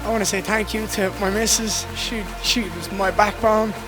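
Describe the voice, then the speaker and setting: A man's voice: high-pitched, fairly even intonation, moderate pace, music in the background. A young Irish man in his twenties, a fighter giving an emotional, heartfelt post-fight interview full of swearing. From Ireland. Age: 20s.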